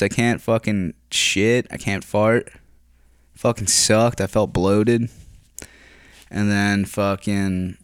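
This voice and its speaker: A man's voice: fairly low pitch, smooth, no echo, clean studio sound. A young man casually telling a rambling, profane story, swearing constantly while recovering from surgery.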